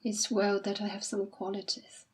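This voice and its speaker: A woman reading aloud as a jilted young woman who is quiet, dignified and self-sacrificing. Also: medium pitch, completely flat delivery, normal speed, slightly rough. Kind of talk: audiobook reading.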